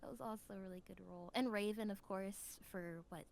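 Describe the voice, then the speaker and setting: A woman's voice: fairly quick, gravelly, slight background noise. A woman hosting a podcast in casual chat, talking with chatty enthusiasm. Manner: chatty and enthusiastic, lively pitch swings. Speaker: podcast host.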